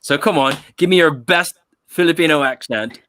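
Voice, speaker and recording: A man's voice: a little high, normal speed, bright, forceful tone, a little hiss or hum. A man hosting a casual podcast conversation over a video call, enthusiastic and encouraging. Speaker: podcast host.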